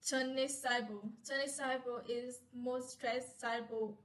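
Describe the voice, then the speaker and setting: A woman student reading a class presentation, halting and restarting as she goes. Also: fairly high pitch, fairly even intonation, fairly bright tone, low-quality recording.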